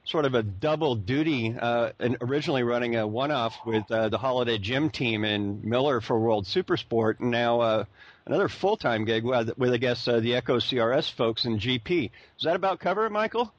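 A man's voice: mid-range voice, animated, brisk, dry recording, dull audio. An American man hosting a podcast interview, rambling with lots of fillers and restarts. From United States. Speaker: podcast host. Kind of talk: casual interview.

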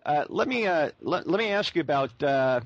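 A man's voice: fairly high pitch, lively intonation, moderate pace, no room sound, highs cut off. An American man hosting a podcast interview, rambling with lots of fillers and restarts. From United States. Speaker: podcast host. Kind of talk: casual interview.

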